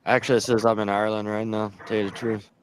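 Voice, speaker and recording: A man's voice: fairly low pitch, little pitch movement, fast talker, slight background noise, poor audio. A man in casual chat making dry wisecracks.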